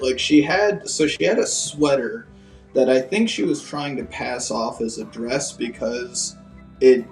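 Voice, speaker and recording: A man guest telling a long story in a casual, rambling, profane way, full of fillers. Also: medium pitch. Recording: roomy, distant mic, faint music.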